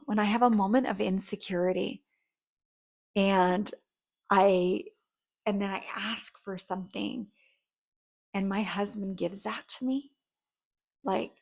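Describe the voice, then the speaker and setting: Vrouw met krakerige stem die kletsend advies geeft. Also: female voice, medium pitch, creaky. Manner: chatty and rambling, acts out sweet thank-yous. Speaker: relationship coach. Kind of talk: casual advice talk.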